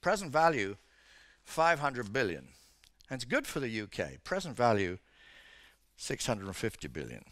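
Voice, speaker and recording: A man's voice: mid-range voice, big pitch swings, moderate pace, pauses often, a bit bright. An older man from Britain, an economics professor giving a chatty seminar lecture, full of "you know" fillers.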